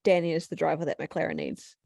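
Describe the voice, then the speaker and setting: An Australian woman co-hosting a podcast from a video call, quick and self-mocking in casual chat. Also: low voice, big pitch swings, creaky, darkish tone, dry recording, studio quality. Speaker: podcast co-host.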